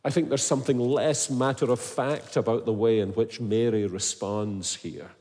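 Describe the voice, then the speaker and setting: A man's voice: mid-range voice, fairly even intonation, moderate pace, dark tone. A man preaching an expository sermon, earnest and emphatic, asking his listeners questions. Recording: long hall reverb.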